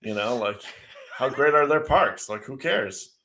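A middle-aged man co-hosting a casual chat, telling an animated, sarcastic story with mocking asides. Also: medium pitch, a little slow. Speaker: podcast co-host.

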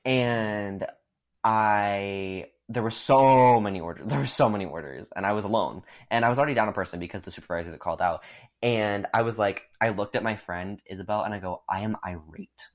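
Animated young man telling work stories. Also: fairly quick. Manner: animated storytelling, jumps into high-pitched voices for quotes; laughs often. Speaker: podcast co-host. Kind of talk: casual chat.

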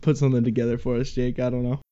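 A man's voice: mid-range voice, flat delivery, very fast, warm tone, clean tone. A young man in casual group chat while writing a radio play, laughing often and joking loosely. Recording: muffled lo-fi recording.

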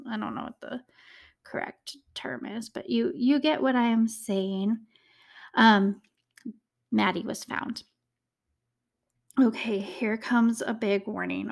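A young woman hosts a true crime podcast in a loose, conversational way, peppering her telling with "like" and personal asides. Her voice sits at an ordinary middle pitch. She gets choked up at the sad parts. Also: gravelly. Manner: chatty, uses "like" a lot, emotional asides. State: choked up, tearing. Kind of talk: casual storytelling.

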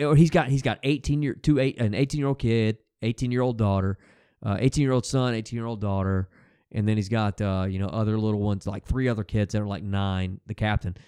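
Man, podcast host, casual rambling monologue, frequent swearing, mellow tone, dry close sound. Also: on the low side, smooth, no echo. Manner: rambling, profane, restarts and fillers.

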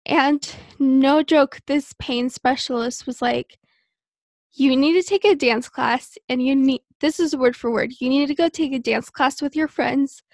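A woman's voice: sits high, a little slow, darkish tone, no room sound, studio quality. A woman guest on a podcast, chatting casually and earnestly about her own experiences.

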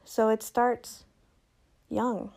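A woman's voice: fairly high pitch, little pitch movement, extremely slow, darkish tone. A young woman hosting a solo podcast, talking casually, joking and correcting herself as she goes. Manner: chatty, self-correcting, joking. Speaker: podcast host.

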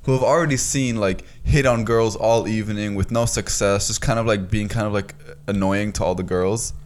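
A young man from Germany, co-hosting a casual podcast chat and telling a story in a lively way that turns heated. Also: on the low side, normal speed, soft background music. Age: young adult. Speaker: podcast co-host.

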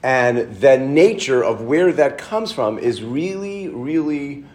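A middle-aged man, a rabbi, giving an informal Torah lesson to a live class, telling stories in a chatty way and getting lively as he goes. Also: mid-range voice, slow pace. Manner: chatty storyteller, lively with rising excitement, self-interrupting.

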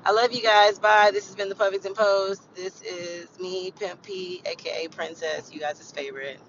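A woman's voice: mid-range voice, steady tone, moderate pace, highs cut off, noisy background. A young woman from Houston hosting her own casual podcast, talking candidly with a lot of swearing, in a loose and ranty way. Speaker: podcast host. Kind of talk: casual solo podcast rant.

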